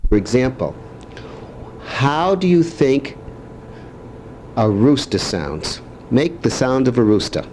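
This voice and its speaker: A man's voice: mid-range voice, lively intonation, takes it slowly, pauses often, darkish tone, slight background noise. An older man, a grandfather, talking playfully to his grandchild and making animal noises.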